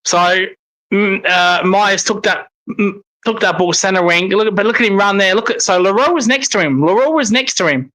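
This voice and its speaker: Sweary fan calling football. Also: male voice, sits high, normal speed, rough recording. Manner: excitable, swears in frustrated outbursts. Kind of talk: live watch-along commentary.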